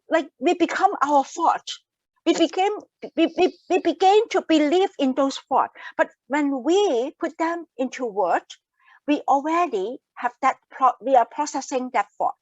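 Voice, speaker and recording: A woman's voice: high voice, dry recording, lo-fi sound. A woman presenting an online wellness workshop, talking earnestly and repeating key phrases for emphasis. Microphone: laptop mic on a video call.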